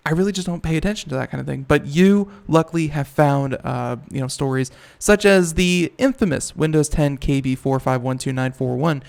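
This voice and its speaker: Male tech talk host, gravelly and clear, rambling casual delivery. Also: a little high, a little fast, hardly any pauses, a little mellow. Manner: rambling, with many fillers and restarts. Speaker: radio talk show host. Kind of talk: casual chat.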